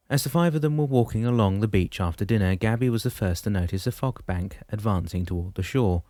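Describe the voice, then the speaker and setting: A man narrating an audiobook in a steady, measured way. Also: fairly low pitch, dry recording. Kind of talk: scripted narration.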